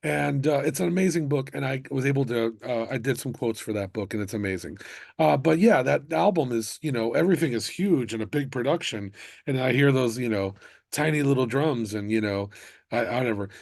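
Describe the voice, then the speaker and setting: Musician guy from the states, gravelly and kinda husky, gets all fired up telling stories in a chatty interview. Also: medium pitch, a little fast, no room sound. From United States (Miami). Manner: animated storytelling with bursts of excitement. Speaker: musician guest. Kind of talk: casual interview chat.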